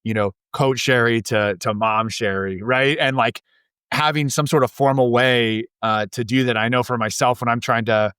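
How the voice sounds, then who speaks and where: A male podcast host asks long questions in a casual, rambling way, often restarting his sentences. His voice is clear and resonant, at a middle pitch. The sound is close and dry. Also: moderate pace, fairly bright tone, no room sound. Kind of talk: casual interview.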